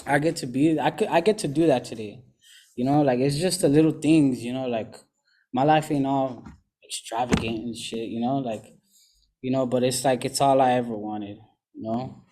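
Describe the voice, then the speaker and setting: In a warm, medium-pitched voice at normal speed, a young man opens up casually about his recovery from addiction, rambling in slang and saying "you know" constantly.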